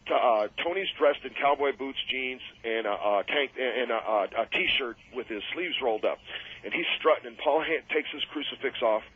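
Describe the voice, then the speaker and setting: A middle-aged man, a radio show guest, telling a story in a lively way and acting out the people in it, speaking over the phone. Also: mid-range voice, moderate pace, breathy edge, phone-quality sound. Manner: lively, acts out quotes in different voices. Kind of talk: animated storytelling.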